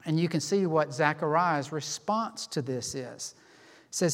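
A man preaching a sermon as a pastor, expressive and animated as he acts out people's responses, recorded in a church sanctuary. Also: a little high, a little slow. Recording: long hall reverb.

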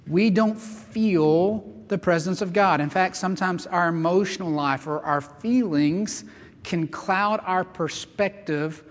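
A man's voice: high voice, a bit bright, long reverb tail. A man preaching a sermon as pastor, earnest and emphatic, mixing scripture reading with chatty asides. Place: church sanctuary.

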